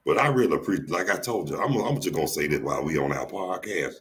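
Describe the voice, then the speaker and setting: Very deep-voiced Southern man, joking. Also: lively intonation, quick pace, a bit bright. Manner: joking storyteller, repeats and restarts phrases. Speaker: podcast host. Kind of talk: casual chat.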